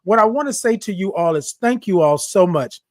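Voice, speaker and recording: A man from Texas reads viewer comments with a playful touch during a casual morning livestream. His voice is high and darkish, with lively intonation and a moderate pace, captured in a dry, studio-quality recording.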